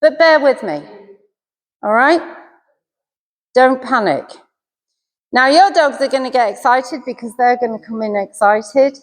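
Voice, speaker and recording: A woman's voice: high-pitched, animated, measured pace, long pauses. A middle-aged woman, a dog trainer giving a chatty, self-deprecating puppy class. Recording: reverberant hall.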